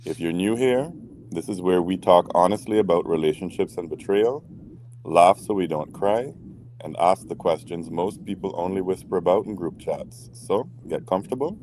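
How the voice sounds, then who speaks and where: Deep-voiced man co-hosting a show. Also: normal speed, mellow, slight background noise. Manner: stammering, playful. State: recovering from a cold. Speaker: podcast co-host. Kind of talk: casual late-night chat show.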